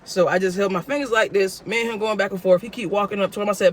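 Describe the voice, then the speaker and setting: A man's voice: sits high, fast, slight background noise. A man telling a casual story-time tale for his vlog in a slangy way, full of "you know what I'm saying.". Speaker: vlogger.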